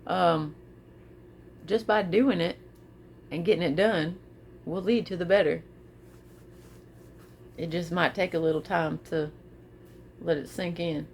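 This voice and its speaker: Woman, casual vlog talk, expressive and repetitive, fairly low voice, faint hum behind. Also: takes it slowly, long pauses. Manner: expressive, repeats phrases, laughs often. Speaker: vlogger.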